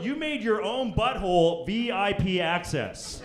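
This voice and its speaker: A young Canadian man doing a crude, brash stand-up set on a club stage, jumping into loud high voices when he quotes people. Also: expressive, a little slow. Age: young adult. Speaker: stand-up comedian. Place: comedy club stage before a live audience. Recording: echoey room with crowd laughter.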